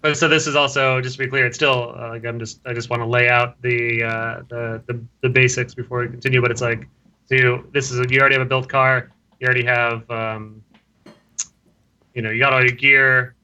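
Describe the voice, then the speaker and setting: A man's voice: medium pitch, level tone, brisk, sharp tone, muffled recording, a little hiss or hum. A man hosting a podcast, talking bluntly and casually and swearing now and then. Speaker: podcast host.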